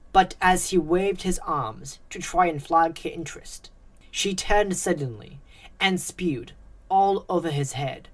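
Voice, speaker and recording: Low-voiced woman narrating a dark story. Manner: measured, suspenseful reading.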